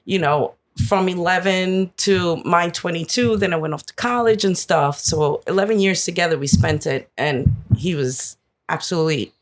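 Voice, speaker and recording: A woman's voice: lowish voice, normal speed. A woman in her forties from Queens, speaking candidly as a podcast guest, laughing easily and swearing casually. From Flushing, Queens, New York. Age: 40s. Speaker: guest, sister of a fallen police officer.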